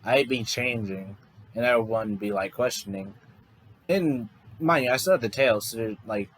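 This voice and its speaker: A man's voice: medium pitch, moderate pace, a bit bright, husky, rough recording. A man casually improvising a story, rambling loosely with lots of fillers and restarts. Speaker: fan storyteller.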